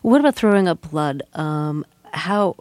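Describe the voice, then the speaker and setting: Calm, measured woman interviewer. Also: deep voice, no room sound. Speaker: radio interviewer host. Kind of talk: radio interview. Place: radio studio.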